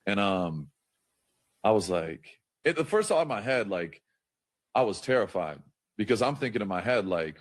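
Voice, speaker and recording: A man's voice: low-pitched, animated, normal speed, dry recording. A man telling a story in an interview in a rambling, casual way, full of fillers and swearing. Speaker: interview guest, pro football player.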